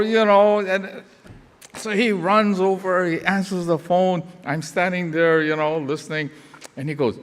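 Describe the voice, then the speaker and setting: An older man telling a lively, chuckling memorial story in a church, acting out the voices as he goes. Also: high-pitched, moderate pace. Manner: animated, chuckling storyteller who acts out voices. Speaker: eulogy speaker, former fellow band teacher. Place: church sanctuary. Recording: echoey church hall.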